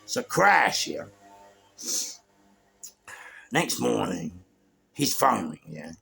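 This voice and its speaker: Gravelly London man telling street stories. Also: fairly low pitch, drawn-out words, soft background music. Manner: animated, swearing, street slang, keeps checking in with "yeah?". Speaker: storyteller guest. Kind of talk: casual storytelling.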